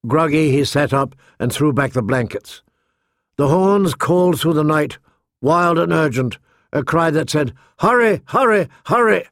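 A man reads a fantasy novel aloud in a steady, measured storytelling voice. His tone is slightly raised for a man and noticeably gravelly, recorded close and dry with no room sound. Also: fairly high pitch, no room sound. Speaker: audiobook narrator. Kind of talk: scripted narration.

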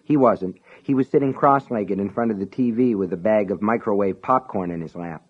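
A man narrating an audiobook in a measured, dramatic way. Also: on the low side, husky. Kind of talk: scripted narration. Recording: dull lo-fi recording.

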